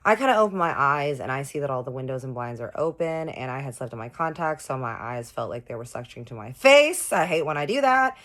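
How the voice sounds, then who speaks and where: Very deep-voiced woman telling a story. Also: animated, quick pace, few pauses, a bit bright. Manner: chatty, addresses viewers as y'all. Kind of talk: casual storytime.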